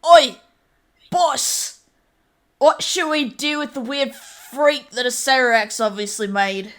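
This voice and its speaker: A woman voicing a loud, coarse male pirate deckhand. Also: high voice, slow pace, pitched above the performer's own voice. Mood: rowdy.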